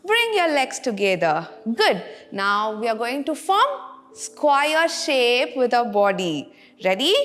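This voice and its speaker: A woman leading a playful yoga class for kids, counting poses aloud and encouraging them. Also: high voice. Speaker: yoga instructor.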